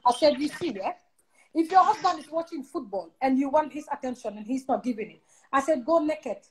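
Blunt high-voiced Gambian woman. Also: animated, fairly quick, poor audio. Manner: blunt and emphatic, mixing in local-language phrases. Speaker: advice giver. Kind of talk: frank casual chat.

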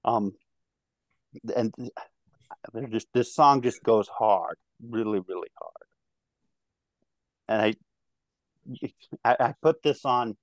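With a lowish voice and a slight twang, this man in his thirties has a Midwestern American accent. Reviewing an album casually for a music podcast, he rambles, using many fillers and restarting often. The recording is dry.

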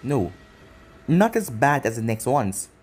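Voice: medium pitch, very animated, unhurried, a little mellow, husky, voice pushed down. A narrator voicing a nervous village aide who reports bad news. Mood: urgent. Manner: urgent, hesitant.

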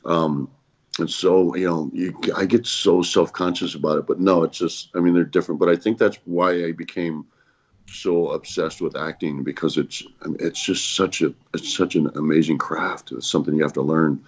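A man's voice: sits low, steady tone, normal speed. A man talking as a podcast guest in an earnest, reflective way. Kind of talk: casual chat. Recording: muffled lo-fi.

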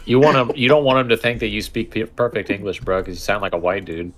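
A man's voice: on the low side, fairly even intonation, fast, a bit bright. A young man joking around in slangy casual gaming chat.

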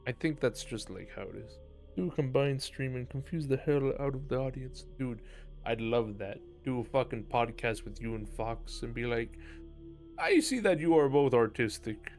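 A man chatting casually on a live game stream, profane and animated, breaking into loud laughs. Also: medium pitch, normal speed, faint music behind.

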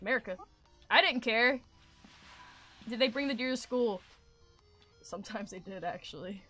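A young woman streaming a game, talking casually in an excitable, rambling way and swearing often. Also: a little high, unhurried, soft background music. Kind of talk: casual gaming commentary.

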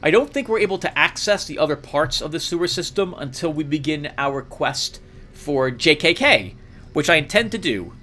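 A man hosting a let's play, chatting casually and rambling excitedly as he plays, laughing often. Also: on the high side, moderate pace, soft background music. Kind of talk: casual gameplay commentary.

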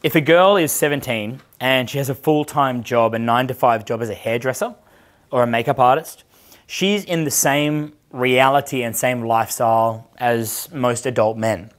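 A man in his thirties talks to a live audience as a dating coach, loose and brash, his speech full of swearing and anecdotes. His pitch sits in an ordinary middle range for a man. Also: moderate pace. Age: 30s. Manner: brash, profane, storytelling. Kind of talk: casual seminar talk with audience questions.

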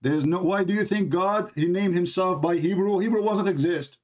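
A man's voice: sits high, normal speed. Blunt, impatient man debating. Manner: blunt, impatient, interrupts often. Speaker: debate host. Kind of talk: heated live religious debate.

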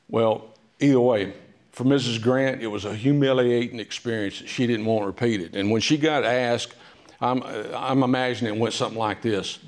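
A man giving an author talk in a library, telling history stories in a chatty, humorous way with many pauses and "uh"s. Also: mid-range voice, steady tone. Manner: chatty, humorous, with frequent "uh" fillers. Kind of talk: casual storytelling talk. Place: public library meeting room.

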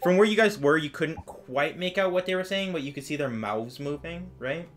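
A man's voice: fairly high pitch, a little fast, slight background noise. A young man narrating a tabletop game as game master, casual and rambling, with lots of fillers. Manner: casual, rambling, full of "like" and restarts.

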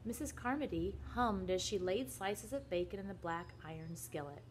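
A young woman reading a children's book aloud in a soft, gentle voice that at times drops almost to a whisper. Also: mid-range voice, normal speed, slight background noise. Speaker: reader to children.

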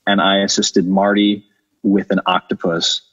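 Young man, husky, animated storyteller; muffled lo-fi recording. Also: low-pitched, a little slow. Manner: animated storyteller, laughs easily. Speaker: puppeteer mentee. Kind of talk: casual anecdote.

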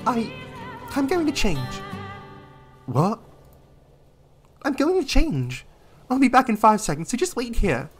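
A man's voice: very high-pitched, huge pitch swings, takes it slowly, long pauses, faint music behind, pitched above the performer's own voice, full character voice. Man voicing a flustered young noblewoman. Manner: breathless, flustered, gushing.

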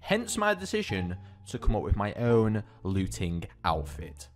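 A man's voice: fairly low pitch, a little slow, soft background music. A man hosting a gaming channel, swearing and joking as he commentates his own gameplay. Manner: excitable, swearing, jokey banter.

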